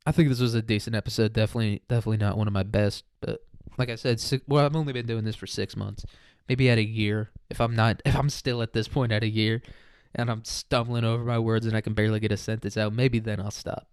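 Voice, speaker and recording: A man's voice: medium pitch, darkish tone, clean tone, no room sound, studio quality. A young man hosting a casual solo podcast, rambling, profane and jokey. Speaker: podcast host.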